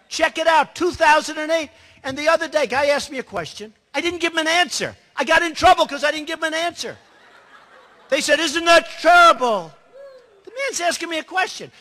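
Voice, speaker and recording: A man's voice: extremely high pitch, sharp tone. A man giving a rambling, boastful campaign speech, full of asides to the crowd. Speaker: political candidate. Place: large hall. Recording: reverberant hall.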